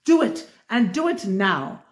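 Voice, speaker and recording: A woman's voice: medium pitch, very animated, measured pace. A woman voicing a haughty, furious rich villainess who sputters and screams, read aloud in a storybook telling, recorded in an echoey room. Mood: commanding.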